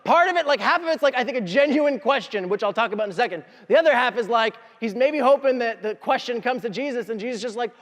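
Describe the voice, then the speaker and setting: Man, pastor, lively sermon, high voice, echoing church hall. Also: quick pace, few pauses. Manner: animated storytelling, acting out voices.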